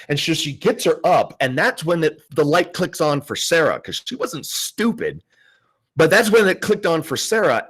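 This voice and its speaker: Chatty male teacher telling a story. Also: on the high side. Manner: conversational, many fillers and restarts, acts out quoted voices. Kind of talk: classroom lecture with anecdotes.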